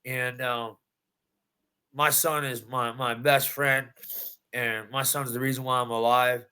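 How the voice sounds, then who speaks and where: A man's voice: medium pitch, flat delivery, measured pace, bright, forceful tone, clear, resonant tone. A man, a bare-knuckle fighter, recounting his win in a post-fight interview with intense, emphatic storytelling and repeated phrases. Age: adult.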